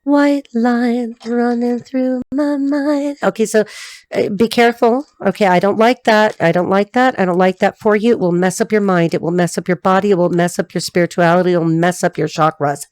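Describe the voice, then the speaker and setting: A woman giving a tarot reading, talking in a blunt, rapid, repetitive stream of consciousness. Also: lowish voice, fairly even intonation, a little mellow, no room sound. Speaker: tarot reader.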